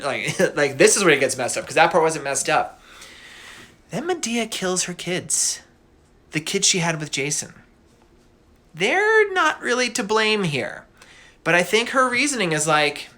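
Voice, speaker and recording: A male podcast host retelling a myth in a casual, slangy way, animated and quick to laugh. His voice is bright and forceful, pitched a little high.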